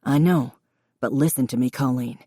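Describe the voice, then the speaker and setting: Woman doing a flustered brother guy, low-ish voice, rushed anxious questions. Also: lively intonation, warm tone, no echo, clean studio sound. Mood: firm. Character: flustered adult man, protective brother.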